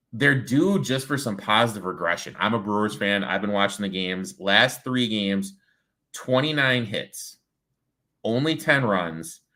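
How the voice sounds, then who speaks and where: A man from the United States hosts a casual sports betting show. His low voice has a bright, forward edge. He chats loosely and reels off baseball numbers. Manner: loose, chatty, rattles off stats.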